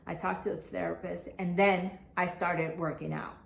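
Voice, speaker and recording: A woman in her thirties telling her own story to camera, earnest and halting, with many restarts. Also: lowish voice, little pitch movement, gravelly, slight background noise. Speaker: mother sharing her postpartum story. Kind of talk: personal testimonial to camera. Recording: echoey room.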